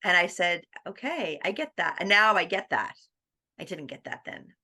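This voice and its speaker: A woman guest on an interview podcast, telling her story in a lively, animated way. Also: on the low side, normal speed. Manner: animated, acts out quoted dialogue with laughs.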